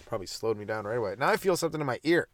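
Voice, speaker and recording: A man's voice: mid-range voice, expressive, rapid-fire, a bit bright, no echo. A young man hosting a comedy podcast, riffing loosely through a profane, self-mocking monologue. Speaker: stand-up comedian, podcast host.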